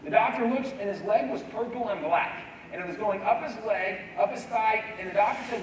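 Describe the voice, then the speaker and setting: A man's voice: high voice, a little fast, a little hiss or hum. A man speaking as a guest preacher in a church, telling a story in a casual, conversational way with frequent "like" and "right?" asides.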